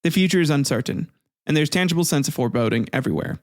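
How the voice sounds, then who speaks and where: A man's voice: a little high, animated, fast talker, close to an everyday voice. A man reading a worried merchant's letter in a solemn tone. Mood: grave.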